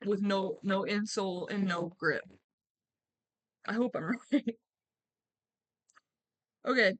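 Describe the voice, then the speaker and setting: A woman's voice: a little high, a bit bright. A young woman streamer casually reading a story aloud, breaking off into chatty, giggly asides.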